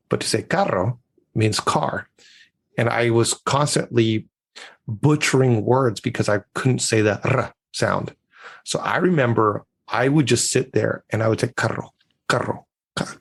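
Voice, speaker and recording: A man's voice: medium pitch, vocal fry. A man from the United States, a communication coach, giving confident, emphatic advice as a guest on a podcast interview.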